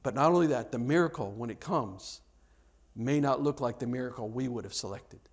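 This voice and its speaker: A man's voice: medium pitch, a little fast, slightly rough. A man preaching a sermon, telling a story with acted-out dialogue and frequent stammered repeats.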